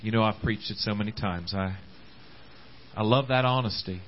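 During a church service sermon, a male pastor's voice rises and falls at normal speed on a muffled recording. Quiet low asides alternate with loud, building exhortation, and he keeps repeating words, restarting phrases and saying amen.

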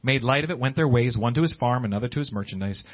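A man preaching a sermon, swinging between high pleading exclamations and low hushed asides. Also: fast talker. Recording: dull lo-fi recording.

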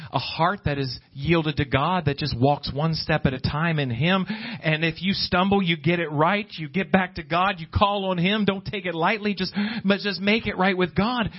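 Delivering a sermon, this man's voice sits on the high side, and the recording has its highs cut off. He restarts his words over and over while building in fervor.

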